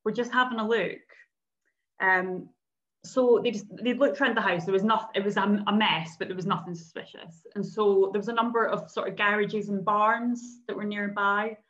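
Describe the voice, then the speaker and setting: A woman's voice: medium pitch, normal speed. A woman, co-hosting a podcast and recounting a case in casual chat, acting out quotes as she goes. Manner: animated storyteller, acts out quotes. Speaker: podcast co-host. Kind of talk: casual true-crime chat. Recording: slightly dull lo-fi sound.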